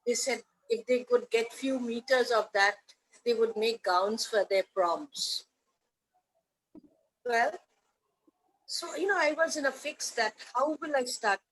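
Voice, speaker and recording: Older woman, Indian English accent, slightly high, chatty veteran teacher, animated anecdotes. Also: poor audio. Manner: chatty, animated anecdotes with playful quoted voices. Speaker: veteran teacher, interview guest. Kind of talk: casual storytelling interview.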